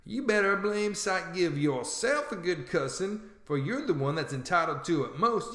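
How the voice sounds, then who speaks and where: A man voicing a sharp-tongued, scornful male swindler who calls himself a duke, in a storybook reading. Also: on the high side, roomy sound. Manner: scornful, brisk, sarcastic.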